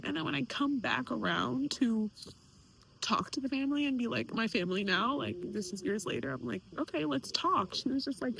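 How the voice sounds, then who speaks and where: Bright, husky-voiced woman venting. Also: on the high side, rough recording. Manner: emotional, tearful, sighing; casual, many fillers, acts out quoted people. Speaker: vlogger. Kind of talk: candid emotional venting to camera.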